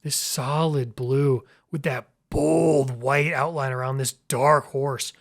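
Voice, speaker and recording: Playful man ranking flags out loud. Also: medium pitch, steady tone, slow, gravelly. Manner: playful, exclamatory, chuckles often. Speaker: YouTube host. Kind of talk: casual commentary ranking flags.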